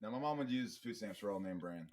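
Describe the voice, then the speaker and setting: A man's voice: fairly low pitch, lively intonation, fast, a little mellow. A young man co-hosting a podcast in a casual chat, joking and teasing with plenty of swearing. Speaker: podcast co-host.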